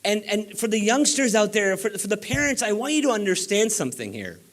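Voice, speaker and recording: A man's voice: high-pitched, very animated, fairly quick. A man giving a banquet keynote speech in a room of about four hundred people, urging the audience on with emphatic, exhorting delivery. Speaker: keynote speaker.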